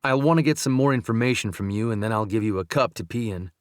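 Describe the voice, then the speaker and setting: A man voicing a calm male country doctor in an audiobook, speaking gently and steadily. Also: lowish voice, fast talker, no room sound, clean studio sound, natural voice. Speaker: audiobook narrator. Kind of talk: audiobook dialogue reading.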